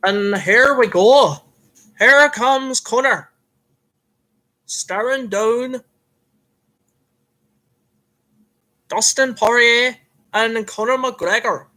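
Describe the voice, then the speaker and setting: A man's voice: very high-pitched, takes it slowly, pushed and bright, pitched above the performer's own voice, heavily acted, low-quality recording. A man voicing a self-styled Irish fight commentator with a put-on, slightly off Irish accent, in comic play-by-play that is hammy and full of rambling fillers. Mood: excitable. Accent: put-on Irish, admittedly a bit off.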